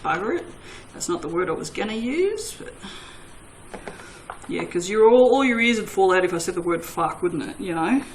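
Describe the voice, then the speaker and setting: A chatty woman talking casually to her viewers while she makes soap, mocking herself and often breaking into laughter. Her voice sits at an ordinary pitch for a woman. A faint hiss of background noise runs under the recording. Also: very animated, moderate pace, poor audio. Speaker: soap-making channel host. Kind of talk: casual chat while crafting.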